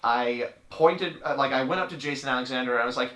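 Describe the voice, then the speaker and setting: A man tells an anecdote in relaxed podcast chat, his mid-range voice bright and forceful, and the room leaves a roomy echo around him. He halts often and delivers the punchline dry. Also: mid-range voice. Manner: halting, full of ums and likes, dry understatement. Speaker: podcast co-host. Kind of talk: casual storytelling chat.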